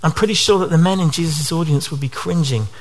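A man's voice: fairly high pitch, fast, a little hiss or hum. A male preacher giving a sermon to his church in an earnest way, often posing rhetorical questions.

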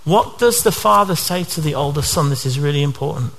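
A man's voice: a little high, expressive, brisk, creaky, a bit bright. A male preacher giving a sermon to his church in an earnest way, often posing rhetorical questions.

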